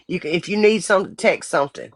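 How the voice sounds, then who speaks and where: A woman's voice: on the low side, lively intonation, fast talker, dry recording. A woman in her forties chatting bluntly and profanely on a live stream. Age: 40s. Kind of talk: casual live stream chat.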